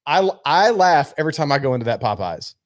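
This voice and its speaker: A man co-hosts a podcast in casual chat, his voice a little high and his pace fast. He's an animated storyteller, swearing a lot and laughing often as he tells his stories.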